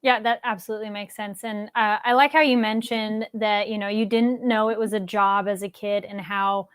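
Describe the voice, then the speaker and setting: A woman's voice: mid-range voice, fairly even intonation, normal speed, clean tone, no room sound, clean studio sound. A woman hosting a talk show, asking interview questions in an attentive, conversational way.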